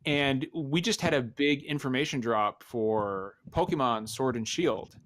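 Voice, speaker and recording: Man, podcast host, casual live-stream chat, rambling, frequent restarts, casual swearing, mid-pitched voice. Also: measured pace, fairly bright tone.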